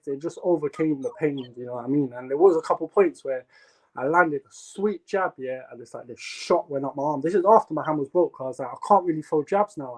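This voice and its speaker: A man's voice: on the high side, low-quality recording. A young man, a guest boxer, tells stories in casual chat with many fillers. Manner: animated storytelling with many fillers.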